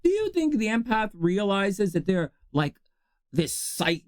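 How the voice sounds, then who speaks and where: Vlog host, casual advice monologue, very lively pitch, dry close sound. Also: normal speed, dry recording. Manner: animated, laughs often, swings between low asides and high exclamations. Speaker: channel host.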